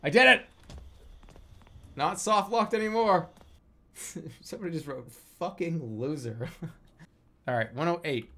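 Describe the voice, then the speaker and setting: A man streaming a video game, commenting live, often yelling, laughing and repeating phrases over and over. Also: a little high, unhurried, long pauses. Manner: excitable, yelling and laughing a lot.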